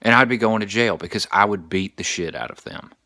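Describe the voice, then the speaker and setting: A young adult man hosting a podcast, telling a story in a casual comedic monologue, animated and crude. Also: lowish voice, fairly quick, dry recording, clean studio sound. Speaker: podcast host.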